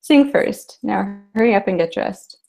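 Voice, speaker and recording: A woman voicing a stern school director who barks orders, during a literary reading, with a gravelly voice. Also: medium pitch, expressive, measured pace, mellow, faint music behind. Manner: barking orders. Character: stern, impatient school director, grown man.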